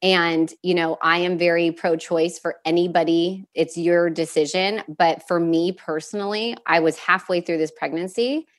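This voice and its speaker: A woman's voice: lowish voice, steady tone, normal speed, few pauses. A young woman telling a painful personal story as a guest, candid and earnest, with many fillers and restarts. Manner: emotional at moments, with nervous laughs.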